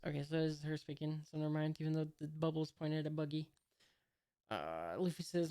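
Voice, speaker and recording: A woman's voice: low-pitched, a little fast, dark tone, no echo, studio quality. A woman reading a comic aloud and commenting on it casually, hesitant and thinking aloud with many fillers. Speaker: reader reacting to a comic. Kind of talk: casual read-along with commentary.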